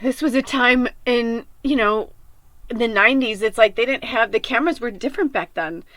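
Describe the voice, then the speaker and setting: A woman's voice: on the high side, normal speed, a bit bright, no room sound. Tearful, swearing woman in a dry room. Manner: emotional, profane, rambling. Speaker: podcast host. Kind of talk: raw emotional monologue.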